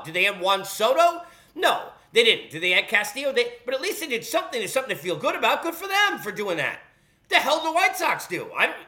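A man with a high, pushed, bright voice hosts a sports talk show. His animated commentary turns into a heated, sarcastic rant packed with rhetorical questions.

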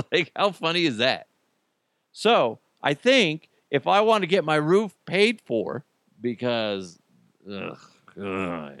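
A middle-aged man hosts a podcast, swearing freely and laughing through his stories. His pitch swings widely as he talks. The recording is dry and close on the mic. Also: slow, pauses often, no echo. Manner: profane, animated storyteller, laughs often. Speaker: podcast host. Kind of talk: casual chat.

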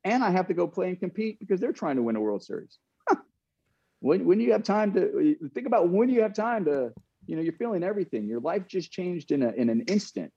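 A man's voice: sits high, sing-song, a little fast, gravelly, dark tone, slightly rough, dry recording, highs cut off. An earnest man in middle age, a former pro ball player telling a candid story, often repeating and restarting his phrases.

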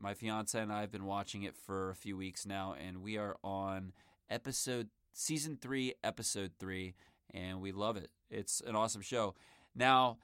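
A man's voice: fairly low pitch, a bit bright, clean tone, dry recording, clean studio sound. A man in his thirties hosting a solo sports podcast, talking in an enthusiastic, chatty way. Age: 30s.

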